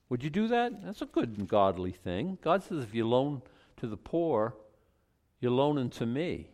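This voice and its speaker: A middle-aged male pastor preaching in a conversational way, breaking into loud emphatic outbursts. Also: medium pitch, sing-song, normal speed. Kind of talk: sermon.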